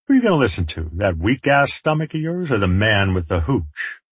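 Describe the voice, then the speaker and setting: A man voicing a gruff, hard-drinking male friend with a gravelly voice and a blunt, teasing manner, read as part of an audiobook. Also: lowish voice, sing-song, fairly quick, no echo.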